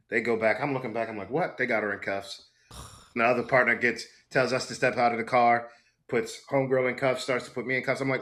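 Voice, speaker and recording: A middle-aged man guest in a casual interview, telling a story with lively acted-out quotes. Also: moderate pace. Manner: animated storyteller, acts out quotes with big pitch jumps. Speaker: actor guest.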